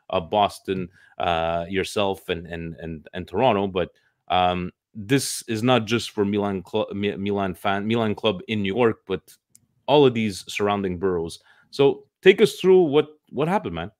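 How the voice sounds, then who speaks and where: A man's voice: lowish voice, no room sound, clean studio sound. A man hosting a casual podcast, rambling introductions with lots of fillers. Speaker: podcast host.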